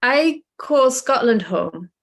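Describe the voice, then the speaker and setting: A woman from the Netherlands answering interview questions as a missionary guest, earnest and hesitant with many pauses. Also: high voice, sing-song.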